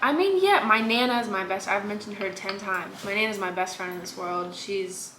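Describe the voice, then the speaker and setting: A woman's voice: medium pitch, a little fast. A young woman from Virginia, a podcast guest talking candidly and emphatically, with frequent likes and repeated phrases. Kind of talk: candid conversational interview. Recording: echoey room with faint noise.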